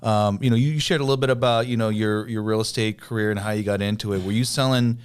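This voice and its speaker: Lower-voiced male podcast host. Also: steady tone, fast, clear, resonant tone. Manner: affirming listener who asks friendly questions. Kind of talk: casual interview chat.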